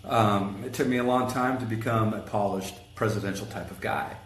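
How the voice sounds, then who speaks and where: Animated storytelling man in an echoey room. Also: lowish voice, normal speed. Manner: animated storyteller acting out quotes; self-described rough around the edges. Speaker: guest, collision shop executive. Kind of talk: casual storytelling interview. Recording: echoey room with faint background noise.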